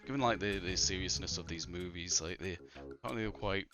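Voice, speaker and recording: A man co-hosting a casual film review chat, animated, with lots of fillers and mocking impressions. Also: deep voice, fast talker, faint music behind. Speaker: podcast co-host.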